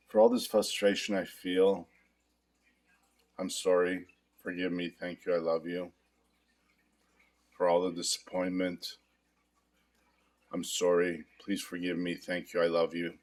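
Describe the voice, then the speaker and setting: A middle-aged man guiding a self-help tapping session, speaking in a calm, confessional way with repeated affirmations. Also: low voice, slow, pauses often. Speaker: hypnotherapist demonstrating tapping. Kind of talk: guided self-help demonstration.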